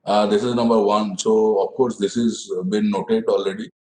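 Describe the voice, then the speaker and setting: A man, an official answering business owners in a webinar in a measured, formal way. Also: fairly low pitch, flat delivery, warm tone, echoey room, rough recording. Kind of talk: webinar discussion. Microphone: video call.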